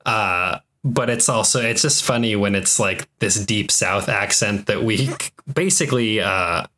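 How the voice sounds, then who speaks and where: A man talks loosely on a podcast, wandering through his thoughts with a steady stream of "like" and "you know". His voice sits a bit low and sounds bright. It is relaxed, conversational chat. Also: unhurried. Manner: rambling, heavy use of "like" fillers. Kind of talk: casual chat.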